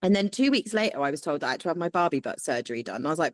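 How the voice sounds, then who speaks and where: A woman's voice: low-pitched, animated, racing, hardly any pauses, dry recording. A woman guest telling frank, funny stories with lots of swearing and laughter. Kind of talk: candid storytelling interview.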